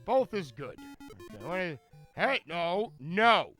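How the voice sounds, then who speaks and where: A man commentating his own speedrun on a live stream, rambling from joke to joke and tripping over his words as he restarts phrases. His voice sits high for a man and sounds bright and sharp, with faint music underneath. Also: very animated, slow pace. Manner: rambling, jokey, stammering restarts.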